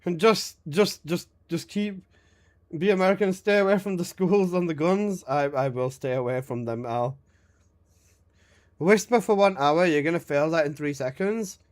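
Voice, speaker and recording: A young male game streamer with a noticeably high voice. He chats casually with his viewers, reading their messages aloud and answering with swearing and laughter. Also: moderate pace. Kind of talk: casual live-stream chat.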